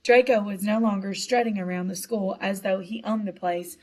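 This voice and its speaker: A woman narrating a children's novel with a lively, expressive reading. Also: medium pitch, normal speed. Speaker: audiobook narrator. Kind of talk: storybook narration.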